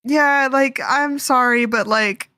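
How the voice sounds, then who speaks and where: A woman's voice: high-pitched, slow pace, bright, forceful tone, no room sound, studio quality. Frank, laughing woman streamer. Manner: frank, laughs often, swears freely. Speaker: streamer reacting to a video. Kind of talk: casual reaction chat.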